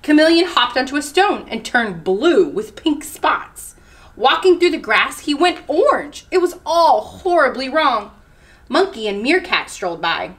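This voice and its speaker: Bright, lively woman reading aloud. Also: high voice, unhurried. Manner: animated, expressive. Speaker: children's librarian. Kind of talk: children's story time reading.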